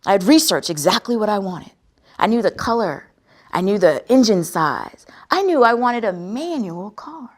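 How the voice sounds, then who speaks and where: A woman's voice: medium pitch, moderate pace. A woman host telling a personal story in a conversational, emphatic way. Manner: animated, conversational, emphatic retelling. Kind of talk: storytelling talk on sales.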